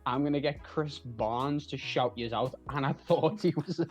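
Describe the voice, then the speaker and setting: A young man with a Scouse accent, telling a story in casual chat on a stream. He tells it with animated energy, swears freely and laughs often. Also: medium pitch, unhurried, faint music behind. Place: home.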